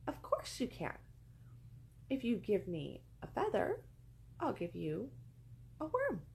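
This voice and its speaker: A sly, smooth-talking man striking an unfair bargain, as a woman puts him on mid-story. Her voice stays close to her own, with a gravelly grain over faint hiss. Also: a little high, slow pace, heavily acted. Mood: coaxing. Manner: coaxing, then flatly dismissive. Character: sly man trading worms for feathers.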